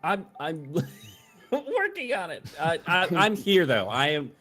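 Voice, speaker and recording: A man's voice: a little high, wildly swooping pitch, takes it slowly, sharp tone, faint music behind. A man joining an online tabletop game late, flustered and rambling. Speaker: player. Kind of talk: casual tabletop game chat.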